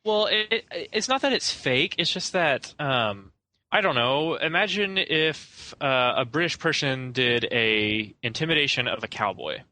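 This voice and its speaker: Male podcast co-host, casual and meandering, average pitch, bright voice. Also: animated, measured pace. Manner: rambling and hesitant, full of "I don't know". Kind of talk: casual film discussion.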